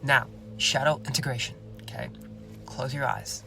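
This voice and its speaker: A man hosting a self-help podcast, speaking in a slow, commanding way that often drops to a whisper and is peppered with "okay?" and "you guys". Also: mid-range voice, steady tone, gravelly, sharp tone, soft background music. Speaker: podcast host.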